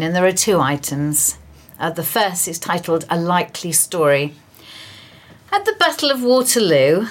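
Expressive, unhurried woman reading old news. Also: medium pitch. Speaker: radio presenter reading historical news. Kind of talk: read historical news items.

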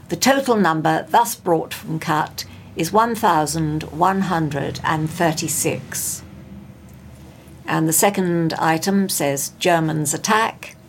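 A woman reading a local news bulletin in a steady, measured way. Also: on the low side, gravelly, slight background noise. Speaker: local radio news presenter.

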